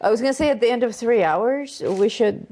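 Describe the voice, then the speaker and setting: A woman co-hosting a gaming stream in casual chat, animated and thanking viewers by name. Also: fairly high pitch, brisk, slight background noise. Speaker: co-host of a gaming channel.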